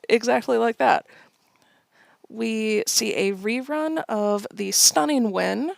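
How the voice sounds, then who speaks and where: Woman podcast co-host, heavy vocal fry, dry close sound, playful recap. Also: fairly high pitch, slow, no echo. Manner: playful, reads quoted lines with acted bursts. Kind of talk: casual chat and recap narration.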